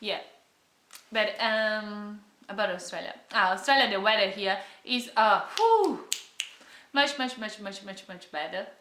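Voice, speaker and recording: Young Brazilian-accented woman, casual vlogger who hunts for words, bright voice recorded in a roomy, echoing space. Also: mid-range voice, fairly even intonation, normal speed, a little hiss or hum. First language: Portuguese. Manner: chatty, searching for words, frequent fillers. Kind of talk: casual chat to camera.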